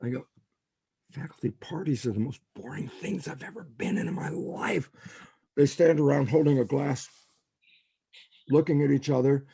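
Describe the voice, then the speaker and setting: A man's voice: mid-range voice, normal speed, gravelly, long pauses, husky, no room sound, studio quality. An older man, a scientist guest in a podcast interview, telling stories and acting out the lines of people in them. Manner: animated storyteller, acts out quotes.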